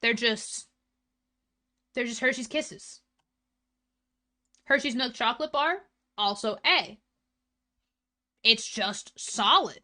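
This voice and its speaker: Bright-voiced young woman streamer. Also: fairly high pitch, slow pace, long pauses. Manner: chatty, swears a lot, blunt opinions. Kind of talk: casual chat stream, reading chat.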